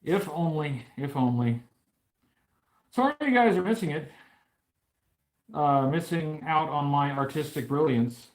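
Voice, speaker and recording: A man's voice: fairly high pitch, lively intonation, measured pace, long pauses, low-quality recording. A man hosting a toy review channel chats casually on a live stream while he draws. He jokes in a mock-grand, bragging way and rambles with many fillers.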